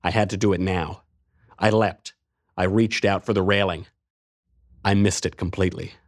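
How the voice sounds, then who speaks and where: A man's voice: low voice, steady tone, normal speed, dry recording, studio quality. A man narrating a first-person adventure story in a tense, driving way.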